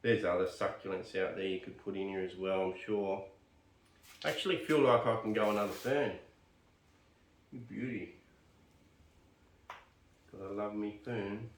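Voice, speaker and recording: A man's voice: lowish voice, normal speed, long pauses, slight background noise. An Australian man rambling casually while potting plants, muttering and joking at himself. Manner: rambling, chatty, self-deprecating, muttering to himself. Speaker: bonsai vlogger. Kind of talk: casual narration while working. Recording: roomy sound, mic at a distance.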